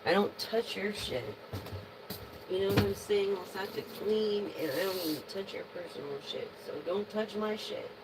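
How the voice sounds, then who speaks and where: Over some background noise, a woman with a medium-pitched voice talks at a moderate pace. She's a tarot reader doing a reading for her viewers, rambling casually and venting with plenty of swearing.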